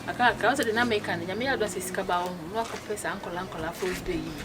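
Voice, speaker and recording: A woman's voice: medium pitch, rapid-fire, noisy background, close to an everyday voice. Woman playing a preachy Ghanaian thrift lecturer. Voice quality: insistent, lecturing. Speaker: actress in a comedy series.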